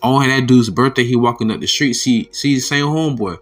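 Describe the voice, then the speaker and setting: A man hosting a casual spiritual talk, telling stories loosely and jumping from loud quoted voices to quiet asides, with frequent laughs. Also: mid-range voice, expressive, brisk, breathy edge, faint music behind. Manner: laughs often between sentences. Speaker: religious video host.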